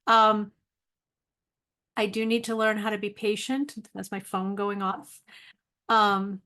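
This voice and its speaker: A middle-aged woman chatting to camera in her video diary. She rambles in a friendly, self-deprecating way, filling pauses with ums, and her pitch sits in an ordinary middle range. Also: fairly even intonation, sharp tone. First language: English. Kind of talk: casual vlog monologue.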